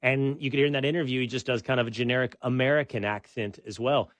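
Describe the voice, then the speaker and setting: A man's voice: medium pitch, quick pace, no echo. A man hosting an opinion talk show, making his case in a conversational, argumentative way. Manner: conversational, argumentative, animated when making a point.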